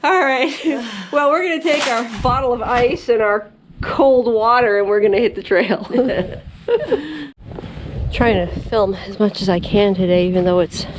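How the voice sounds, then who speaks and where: A woman's voice: a little high, a little slow, a crowd in the background. A woman hiker talking to her camera on a mountain trail, chatty and giggly as she tells a story. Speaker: thru-hiker vlogger. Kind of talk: casual outdoor vlog narration.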